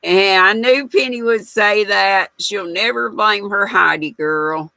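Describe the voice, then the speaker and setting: Gravelly older woman chatting. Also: mid-range voice, takes it slowly, pushed and bright, no room sound, rough recording. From United States. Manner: chatty, folksy, reads viewer comments aloud and laughs often. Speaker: livestream host. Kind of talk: casual livestream chat reading comments.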